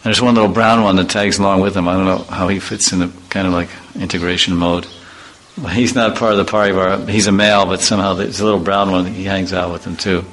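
Bright-voiced man telling playful stories. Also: low voice, steady tone, fast talker, a little hiss or hum, low-quality recording. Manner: chatty, playful storytelling, acts out voices. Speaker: devotional speaker. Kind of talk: informal religious talk with anecdotes.

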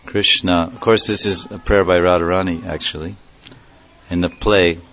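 A man's voice: deep voice, fairly even intonation, normal speed, fairly bright tone. A man giving a devotional lecture in a reflective way, repeating key words and chuckling now and then. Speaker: spiritual teacher. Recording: dull lo-fi recording.

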